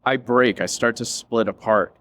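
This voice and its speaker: A man with a mid-range, fairly bright voice speaks at a normal pace with fairly even intonation. He's a business founder being interviewed as a guest, reflecting candidly and emotionally, rambling with lots of fillers, quoting himself, and swearing now and then.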